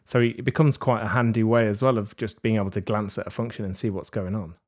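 A man's voice: lowish voice, fairly even intonation, quick pace, darkish tone. A man hosting a podcast panel, joking and rambling in a self-deprecating way. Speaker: podcast host. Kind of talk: casual panel chat. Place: London.

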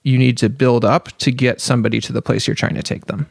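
A man's voice: medium pitch, fairly even intonation, fast, vocal fry, husky, no echo, studio quality. A man co-hosting a podcast who explains ideas thoughtfully in loose, casual chat. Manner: thoughtful, loose, many fillers. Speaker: podcast co-host.

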